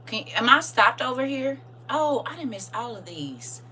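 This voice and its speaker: A middle-aged woman chatting excitedly and casually to her viewers on a live stream. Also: fairly high pitch, moderate pace, slight background noise, rough recording. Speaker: livestream host.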